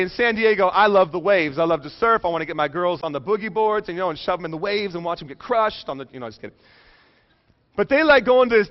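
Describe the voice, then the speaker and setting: A middle-aged man preaching a sermon, telling a personal story with jokes and dropping soft and low for serious moments. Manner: animated, joking, drops soft and low for emotional parts. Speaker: pastor. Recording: dull lo-fi sound.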